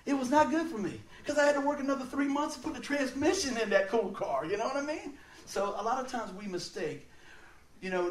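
A man giving a sermon, telling stories in an animated way and laughing often as he talks. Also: high voice. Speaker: preacher. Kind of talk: storytelling sermon. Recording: roomy sound, mic at a distance.

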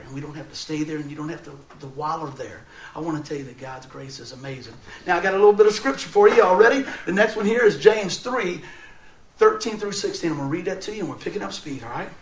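A man's voice: a little high, echoey room, slight background noise. A man preaching a sermon, telling a funny personal story and laughing often as he goes. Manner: animated, laughing through funny stories. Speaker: pastor.

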